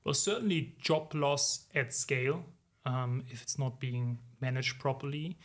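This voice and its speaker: A man in his forties, a consultant guest in a podcast interview, answering in a measured, reflective way with many "um"s and "if you will". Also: medium pitch.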